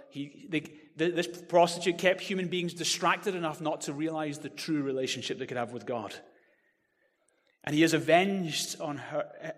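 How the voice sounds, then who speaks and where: Animated preacher in a big hall. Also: male voice, a little high. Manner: animated, rising to loud proclamation. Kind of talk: sermon. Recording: reverberant hall.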